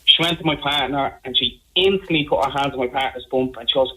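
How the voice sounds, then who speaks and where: A man with an Irish accent rattles through a story on a phone-in, fast and animated, repeating himself as he builds it up. He comes through a thin telephone line. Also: medium pitch. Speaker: caller.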